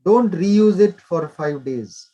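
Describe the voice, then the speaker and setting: A man's voice: high-pitched, expressive, slow, dark tone, lo-fi sound. An older man, a doctor explaining in an interview with short, instructive directives.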